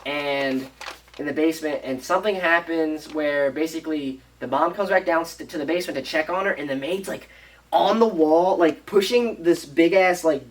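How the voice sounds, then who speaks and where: A man on a podcast casually retelling a movie plot, rambling and animated, acting out the characters' lines and swearing freely. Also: on the high side, moderate pace, far from the mic, rough recording. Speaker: podcast co-host.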